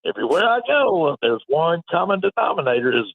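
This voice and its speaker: A man calls into a sports radio show, chatty and quick. His pitch swings widely. The sound comes over a tinny phone line. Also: big pitch swings. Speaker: caller.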